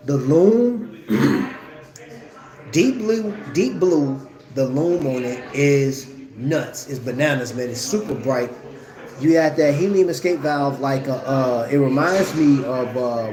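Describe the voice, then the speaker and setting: A man's voice: fairly high pitch, roomy sound. A man from Brooklyn, hosting a casual watch livestream in a laid-back, slangy way and laughing often. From Brooklyn, New York.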